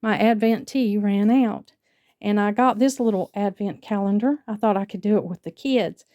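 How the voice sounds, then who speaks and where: A woman's voice: medium pitch, normal speed, mellow, dull audio. An older woman vlogger casually recounting a shopping mix-up, chatty and retelling conversations in detail. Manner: chatty, retelling a store encounter with quoted dialogue. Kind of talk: casual storytelling haul vlog.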